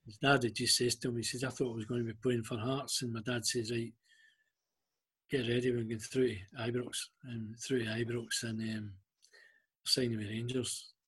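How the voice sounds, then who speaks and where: A Scottish man guest in an interview, telling personal stories haltingly, with frequent ums and restarts. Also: mid-range voice, flat delivery, fairly bright tone, breathy edge. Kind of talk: emotional storytelling interview.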